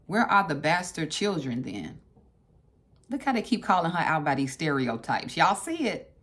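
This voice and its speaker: In a casual book discussion that includes passages read aloud, a woman with a deep, fairly bright, sing-song voice speaks at a moderate pace. She keeps it conversational, repeats phrases for emphasis, and asks her listeners questions directly.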